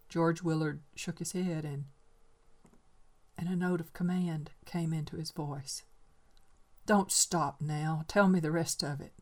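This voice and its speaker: A woman's voice: low voice, a little mellow. A woman reading literary excerpts aloud and commenting on them in a reflective, hesitant way. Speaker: reader and teacher.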